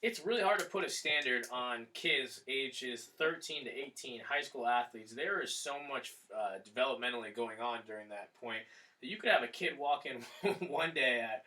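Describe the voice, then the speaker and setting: A man's voice: mid-range voice, recorded from a distance, rough recording. A man who coaches athletes, hosting a podcast and talking casually with fillers and restarts. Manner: relaxed, rambling with fillers. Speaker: strength coach and podcast host.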